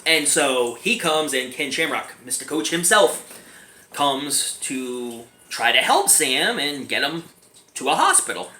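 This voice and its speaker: A man giving a casual movie review, animated and giggly, keeps breaking into laughter. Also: a little high, slow pace. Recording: echoey room, faint background noise.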